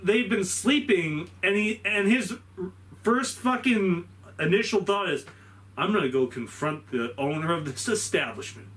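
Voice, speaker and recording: A man's voice: high-pitched, lively intonation, unhurried, a bit bright. A man casually retelling a movie's plot for a spoiler review, rambling and swearing, acting out the characters' lines as he goes. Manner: rambling and profane, acts out lines from the film.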